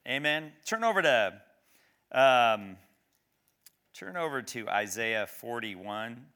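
Bright, clear-voiced male preacher. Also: mid-range voice, animated. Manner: conversational preaching, asks the congregation questions; reads scripture slowly and emphatically. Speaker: pastor. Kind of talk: sermon with scripture reading.

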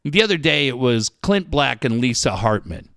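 Man, casual podcast chat, lively pitch, dry sound, swears a lot. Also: normal speed, dry recording. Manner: profane, animated storyteller.

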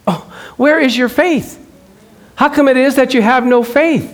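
A man preaching a sermon, animated, asking the congregation questions and acting out little dialogues. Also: very high voice, brisk.

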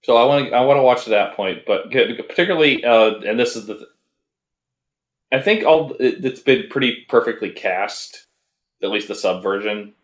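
A man's voice: mid-range voice, normal speed, reverberant. A man co-hosting a casual anime review podcast, talking in a rambling, hesitant way with many fillers and restarts. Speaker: podcast co-host.

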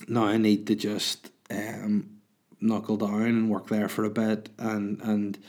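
A man hosting his own podcast, chatting casually and answering listener questions. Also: fairly low pitch. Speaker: podcast host and comedian. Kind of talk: casual solo podcast chat.

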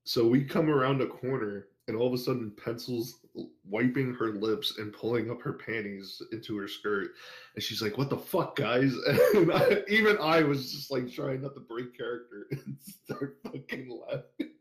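A man's voice: mid-range voice, moderate pace. A young man on a podcast, chatting casually and telling crude stories through bursts of laughter. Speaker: podcast co-host. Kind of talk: casual chat.

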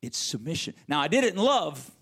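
A man's voice: a little high, big pitch swings, a little fast, creaky, a bit bright, slightly rough. A male pastor preaching a sermon, emphatic and repetitive, calling on listeners by name. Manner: emphatic, repeats phrases, calls on listeners by name.

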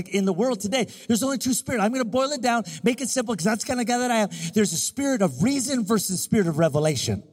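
Man, 50s, pastor; lively sermon delivery, breathy tenor edge. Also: high voice, long reverb tail. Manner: animated, joking preacher who acts out little scenes.

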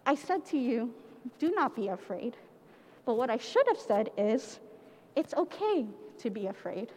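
A woman voicing a gentle, solemn angel messenger, speaking softly and slowly in a church pageant. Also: high-pitched, lively intonation, big-room sound, a little hiss or hum. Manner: soft, hushed, slow.

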